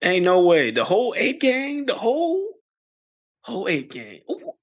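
A podcast co-host tells a story in a casual, animated way, talking a little slowly and jumping into high voices each time he quotes someone.

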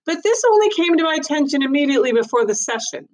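A woman's voice: high voice, very animated, fast, voice pushed up. A woman voicing a stern, squinting male magistrate in a storybook reading, formal and probing.

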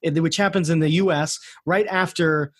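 American man, husky slightly high voice, dry close mic, casual rambling history podcast host. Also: fairly even intonation, normal speed, a bit bright, no room sound. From United States. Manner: rambling storyteller, frequent restarts.

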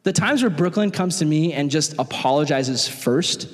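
Young guy pastor preaching to kids, high voice, big echoey church hall. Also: moderate pace. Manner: animated, conversational, acts out voices. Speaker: youth pastor. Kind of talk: sermon to young people. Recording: long hall reverb.

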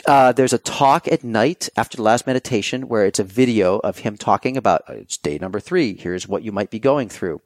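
A man's voice: fairly low pitch, lively intonation, brisk, hardly any pauses, dry recording. A man, a podcast guest, talking casually and telling stories with animation, acting out his own quoted thoughts. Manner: loose and conversational, many fillers. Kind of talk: casual conversation.

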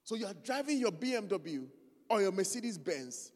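Lively high-voiced man preaching in a hall. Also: moderate pace. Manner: lively preaching, jokes and searches for his place in the text. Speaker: pastor. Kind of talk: sermon.

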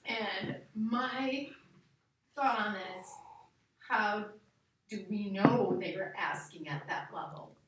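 A woman's voice: medium pitch, slow, pauses often, fairly bright tone, slight background noise. Woman asking questions in an echoey room. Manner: questioning, thinking aloud. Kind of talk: Bible study discussion. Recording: echoey room, far from mic.

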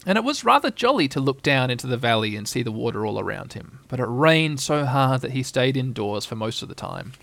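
A man's voice: medium pitch, very animated, brisk, gravelly, hardly any pauses, a bit bright, dry recording. A man reading a children's storybook aloud as narrator. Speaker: audiobook reader.

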